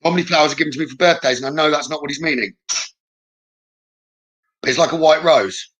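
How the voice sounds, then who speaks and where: Bright-voiced male psychic medium. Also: a little high, fast talker, rough recording. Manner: reassuring, often checks in with "okay?". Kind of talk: live mediumship reading.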